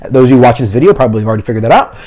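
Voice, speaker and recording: A man who talks fast, giving practical teaching advice to camera and acting out short examples as he goes. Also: medium pitch, expressive, darkish tone. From Philadelphia, family from Puerto Rico. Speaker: mission trip leader and preacher. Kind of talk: instructional talk to camera.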